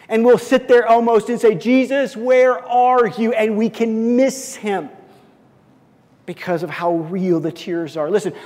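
A male pastor preaching a sermon, moving between rising, fervent passages and hushed, intimate ones. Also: sits high, big-room sound. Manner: impassioned preaching, swinging between loud and hushed.

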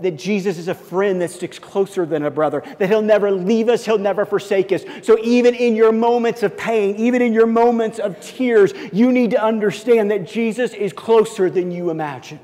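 A male pastor preaching a sermon, moving between rising, fervent passages and hushed, intimate ones. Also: sits high, in a large hall. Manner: impassioned preaching, swinging between loud and hushed.

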